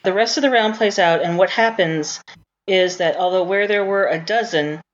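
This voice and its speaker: A woman with a lowish voice speaks at normal speed as a tabletop game master, narrating casually with frequent restarts and small laughs. The mic is slightly dull and lo-fi, with faint hiss.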